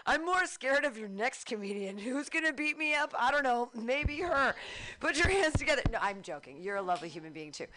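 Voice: sits high, sing-song, fairly quick, bright, forceful tone, low-quality recording. A host emceeing a comedy night, cheerfully teasing the last comic and introducing the next one.

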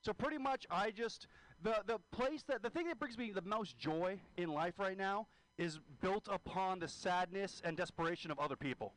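A man's voice: high voice, lively intonation, normal speed, fairly bright tone, rough recording. A man doing a stand-up comedy set, profane and self-deprecating.

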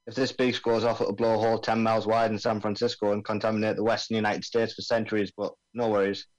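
A man doing a cocky, slang-slinging Australian bomb-disposal expert, breezy and unbothered, in a low voice. It is an amateur script read over a video call, and he trips over the technical jargon. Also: little pitch movement, quick pace, close to an everyday voice, poor audio. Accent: put-on Australian.

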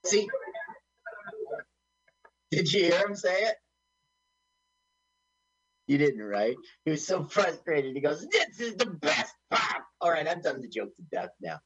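A man's voice: a little slow, long pauses, husky. A man co-hosting an internet radio show, riffing jokingly on a movie as it plays. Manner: jokey, tries silly voices, lively pitch. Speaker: podcast co-host. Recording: dull lo-fi sound.

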